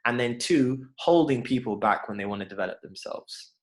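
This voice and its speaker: A young man on a video call, telling a personal story in an animated way and acting out the people in it. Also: medium pitch, moderate pace. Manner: animated storytelling, voicing people in his anecdotes. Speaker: guest panelist.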